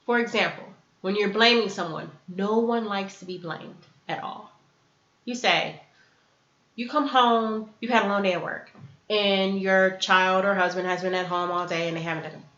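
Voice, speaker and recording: A woman's voice: mid-range voice, steady tone, moderate pace, a bit bright. Woman, earnest self-help teacher, echoey room, muffled recording. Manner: earnest, acts out sample dialogues. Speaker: self-help video host. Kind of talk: teaching talk to camera. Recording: echoey room, dull lo-fi sound.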